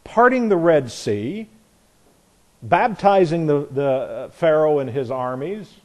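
A man's voice: fairly high pitch, lively intonation, slow. A middle-aged man teaching an informal Bible class, earnest and conversational, often restarting his sentences.

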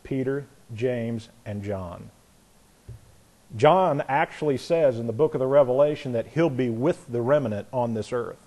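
A man preaching a verse-by-verse Bible sermon, animated, acting out the voices in the stories and chuckling at his own points. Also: mid-range voice, a little slow.

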